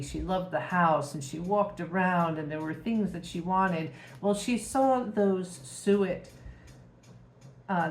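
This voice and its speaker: A woman's voice: lowish voice, a little hiss or hum. A woman vlogger casually telling stories from home, laughing often and acting out the voices of people she quotes. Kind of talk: casual storytelling vlog. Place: her home. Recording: roomy echo.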